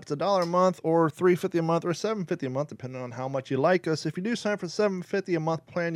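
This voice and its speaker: A man with a fairly high voice, recorded without echo, hosts a podcast in a loose, joking way. His talk is full of rambling asides and fillers.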